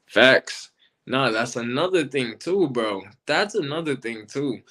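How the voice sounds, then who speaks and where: Slangy, animated man talking battle rap. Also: mid-range voice, measured pace. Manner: animated, slangy, repeats himself. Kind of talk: casual commentary monologue.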